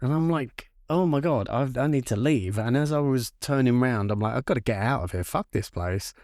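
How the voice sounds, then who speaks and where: Animated man telling a ghost story. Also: medium pitch, fairly quick, dry recording, studio quality. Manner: animated storyteller who acts out quoted voices and swears freely. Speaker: podcast co-host. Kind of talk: casual storytelling chat.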